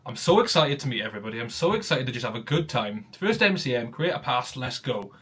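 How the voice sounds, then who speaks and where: A man from Wales with a softened Welsh accent, hosting a casual stream chat, chatty and laughing often. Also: mid-range voice, big pitch swings, fast talker, breathy edge. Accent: Welsh, softened toward general British. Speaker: host.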